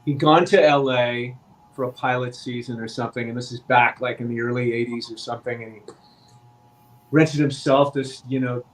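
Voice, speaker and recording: A man's voice: medium pitch, moderate pace, poor audio. A man, an actor guest on a podcast, telling a long anecdote in casual chat and acting out the quoted lines. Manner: animated anecdote teller, acts out quoted dialogue. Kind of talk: casual storytelling.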